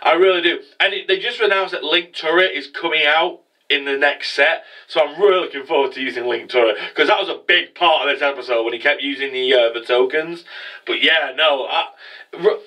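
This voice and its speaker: A man's voice: fairly high pitch, fairly bright tone, distant mic, poor audio. A man casually recapping an anime episode as a reviewer, rambling with lots of swearing and fillers. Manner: rambling, profane, many fillers.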